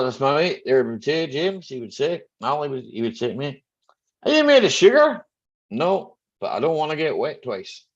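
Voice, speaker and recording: A middle-aged mechanic hosts a rambling, joking livestream chat, greeting viewers by name. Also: male voice, medium pitch, husky. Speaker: mechanic hosting a live chat stream. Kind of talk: casual livestream chat reading viewer comments. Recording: dull lo-fi stream audio.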